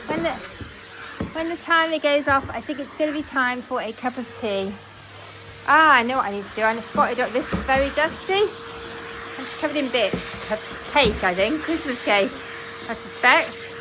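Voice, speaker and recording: A woman's voice: sits high, normal speed, background noise. A woman chatting to viewers as she cleans her living room, talking while moving around the room. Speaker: cleaning vlogger. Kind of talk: casual chat while cleaning. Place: living room at home, indoors.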